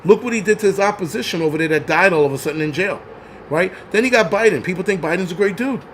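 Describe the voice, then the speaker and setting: A high-pitched man rants on his live stream, cursing freely and tripping over repeated words as he presses his points. A faint hum of noise sits under his voice. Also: lively intonation, quick pace. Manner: profane, heated ranting with stammered restarts. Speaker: channel host.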